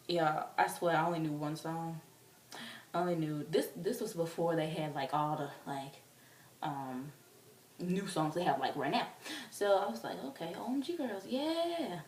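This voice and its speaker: A young woman telling a story casually as a vlogger, excitable and chatty with lots of fillers. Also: low voice, a little hiss or hum. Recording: roomy, distant from the mic.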